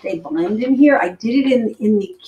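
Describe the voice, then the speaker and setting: A woman hosting a live cooking demonstration in a home kitchen, chatty and hurried, thinking out loud as she works. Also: on the high side, heavy background noise. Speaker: cooking show host. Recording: roomy kitchen with clattering dishes.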